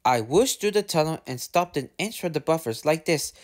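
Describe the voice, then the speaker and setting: A man voicing an excitable, boastful young male tank engine in a storybook reading. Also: a little high, moderate pace, pitched above the performer's own voice, lightly acted. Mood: excited.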